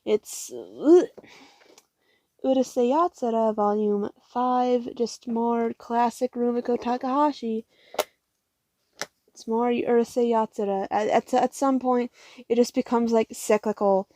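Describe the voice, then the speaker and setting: A woman's voice: a little high, fairly even intonation, unhurried, dark tone. Tired, profane young woman rambling about manga. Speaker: manga haul vlogger. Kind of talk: casual haul vlog.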